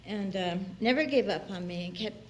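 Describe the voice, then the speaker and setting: A woman's voice: medium pitch, moderate pace, a little mellow. A woman minister giving a chatty, personal sermon in a church, laughing often and acting out the people she quotes. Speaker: guest minister. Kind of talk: conversational sermon. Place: church sanctuary.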